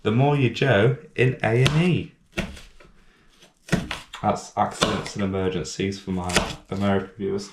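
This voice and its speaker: A man's voice: on the low side, steady tone, a little slow, long pauses, background noise. A man hosting a casual home cooking vlog in his kitchen. He rambles, mocks himself and swears a lot while he chops. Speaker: cooking channel host. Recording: echoey kitchen with clattering pans.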